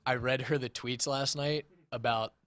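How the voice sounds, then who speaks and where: A young man co-hosting a casual sports chat, animated and quick to laugh. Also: mid-range voice. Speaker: podcast co-host.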